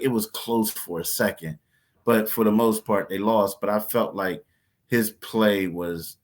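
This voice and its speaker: Laughing man telling a story. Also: lowish voice. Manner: animated storyteller, acts out voices and laughs often. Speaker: podcast co-host. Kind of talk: casual sports chat.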